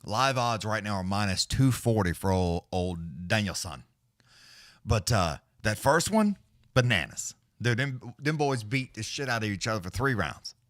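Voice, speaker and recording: Man, middle-aged, livestream fight host: low voice, dry close sound, loose and profane, jumps into quick play-by-play. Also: animated, a bit bright, no echo. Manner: rambling, profane, laid-back, with many restarts; fast play-by-play calling during fights. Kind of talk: casual live-stream commentary.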